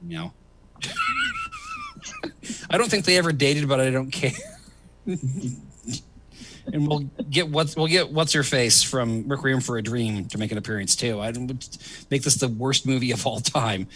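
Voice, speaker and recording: A man's voice: mid-range voice, moderate pace, long pauses, fairly bright tone. A middle-aged man hosting a casual comedy chat, rambling with fillers and laughing often. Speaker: host.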